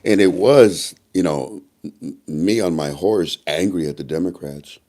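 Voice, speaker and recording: Low-voiced rambling male vlogger. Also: unhurried, mellow. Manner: repeats himself often; chatty and preachy, asides to viewers. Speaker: YouTube vlogger. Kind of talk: casual rambling monologue to viewers.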